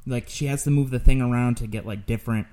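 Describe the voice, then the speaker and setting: A man's voice: mid-range voice, fairly even intonation, quick pace, mellow. A young man hosting a podcast, telling crude, profanity-heavy stories in casual chat. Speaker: podcast host.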